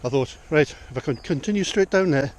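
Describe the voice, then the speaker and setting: A man's voice: a little high, animated, fairly quick, slight background noise. A young man from North East England with a Northumbrian accent, vlogging in casual rambling chat while out on a rural walk. He thinks aloud and talks to his dog as he goes.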